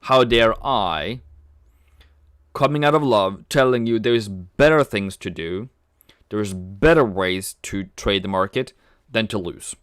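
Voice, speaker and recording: A man's voice: fairly low pitch, a little slow, clean tone, no room sound, studio quality. A man hosting a casual trading livestream, chatty, reading viewer comments aloud and cracking jokes. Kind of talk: casual live-stream chat.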